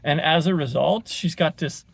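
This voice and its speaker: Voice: medium pitch, moderate pace, creaky, no room sound. A vlogger casually telling an anecdote, rambling with lots of fillers and chuckles.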